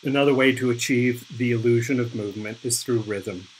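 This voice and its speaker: A middle-aged man giving an art lecture, explaining slowly and pointing things out on images. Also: medium pitch, fairly even intonation, husky, low-quality recording. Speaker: art instructor. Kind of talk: recorded lecture over slides.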